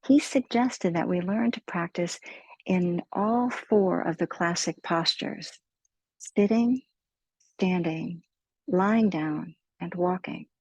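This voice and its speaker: A woman leading a guided mindfulness talk with a low, husky, slightly gravelly voice. She speaks slowly and gently, in a soothing, unhurried way. The sound is dry and close, with no room around it. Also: no room sound, low-quality recording. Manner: slow, gentle, soothing delivery. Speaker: meditation teacher.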